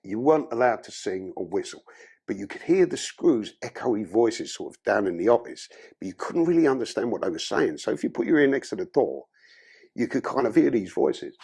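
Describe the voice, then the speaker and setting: Gravelly, husky man. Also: fairly low pitch, very animated, brisk, darkish tone. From London. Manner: blunt, profane storytelling. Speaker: podcast guest. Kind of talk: candid life-story interview.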